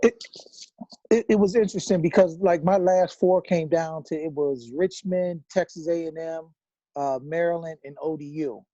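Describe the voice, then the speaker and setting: A man who is a guest in a casual interview, recounting his past quickly and listing names as he goes. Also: a little high, mellow, no room sound. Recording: dull, dry lo-fi sound.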